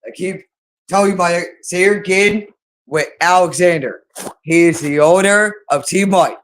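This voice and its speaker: A woman's voice: lowish voice, measured pace, slight background noise. A woman hosting her own channel, ranting unscripted to camera in an agitated, repetitive way with heavy swearing. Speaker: channel host.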